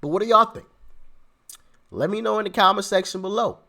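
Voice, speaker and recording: A man hosting a commentary channel, reacting in casual talk. He is animated, restarts his phrases often and speaks directly to his viewers. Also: sits high, a little fast, gravelly.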